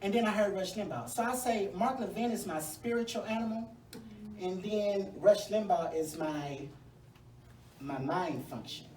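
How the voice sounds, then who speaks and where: At a forum in a venue hall, a woman running for Congress delivers a sassy, folksy, fired-up campaign speech. Her medium-pitched voice is warm and a little slow, picked up by a distant mic in an echoey room with slight background noise.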